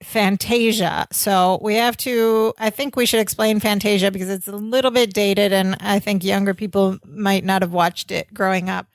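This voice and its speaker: Brief: woman co-host, mid pitch, animated recapper, dry booth sound. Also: moderate pace, few pauses, no echo. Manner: animated scene-by-scene retelling. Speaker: podcast co-host. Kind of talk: casual chat.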